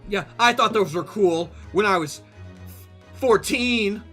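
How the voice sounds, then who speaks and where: A man's voice: high-pitched, takes it slowly, fairly bright tone, soft background music. A man streaming a game, joking irreverently and swearing freely as he comments. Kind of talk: let's-play commentary.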